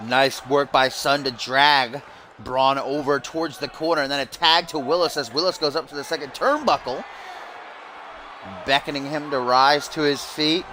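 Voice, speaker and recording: A young man doing mock play-by-play commentary over a wrestling video game, bursting into shouts at big moves. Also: fairly high pitch, moderate pace. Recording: loud game crowd and noise behind. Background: loud arena crowd and game sounds.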